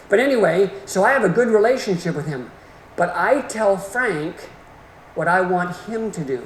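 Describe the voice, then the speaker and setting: A man's voice: high voice, animated, normal speed. A middle-aged man giving a continuing-education lecture, folksy and emphatic in manner. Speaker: orthodontic lecturer. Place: lecture hall. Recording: echoey hall with faint room noise.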